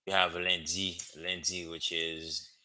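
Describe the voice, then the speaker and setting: A man teaching a language lesson, drilling phrases slowly with many "okay?" check-ins. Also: deep voice, little pitch movement, sharp tone. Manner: slow, repetitive drilling with frequent "okay?" checks. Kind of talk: classroom-style language lesson.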